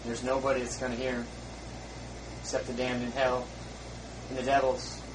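A man preaching a fiery sermon in a church, dropping to a hush and then rising to shouts. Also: mid-range voice, completely flat delivery, moderate pace. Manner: swings from hushed to shouting. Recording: distant mic, faint hiss.

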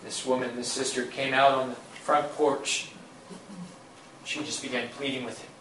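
A man's voice: medium pitch, little pitch movement, moderate pace, fairly bright tone, slight background noise. A man preaching a sermon with impassioned, repetitive phrasing that swells in emphasis. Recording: echoey room, mic at a distance.

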